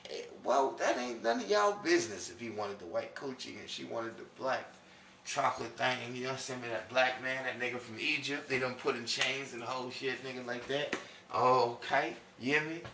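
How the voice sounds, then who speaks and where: A man from New York doing a loud, preachy comic monologue that swings between high and low. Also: expressive, normal speed, gravelly, far from the mic, slight background noise. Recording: echoey room, from off-mic.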